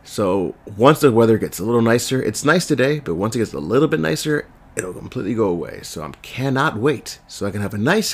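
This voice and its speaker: Male podcast host, raspy from a cold, lowish voice, loose rambling delivery. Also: lively intonation, a little fast. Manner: rambling, with fillers and self-corrections. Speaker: podcast host reviewing a TV series. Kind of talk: casual solo review podcast.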